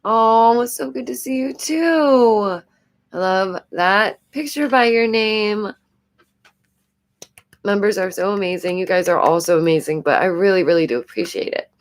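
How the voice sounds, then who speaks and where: An unhurried woman with a medium-pitched voice and a New York accent hosts a live stream, offering casual commentary. She's chatty, giggles often, repeats her phrases and sounds stuffy-nosed.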